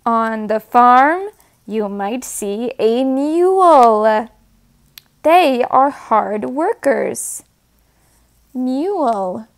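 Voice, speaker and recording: A woman reading picture books aloud to toddlers in a slow, sing-song way, making animal sounds and asking them to point. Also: a little high, lively intonation. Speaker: storyteller.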